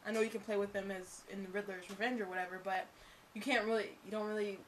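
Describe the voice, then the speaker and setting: A woman's voice: mid-range voice, steady tone, fast, fairly bright tone, slight background noise. A woman co-hosting a casual video game review, chatty and often trailing off mid-sentence. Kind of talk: casual chat.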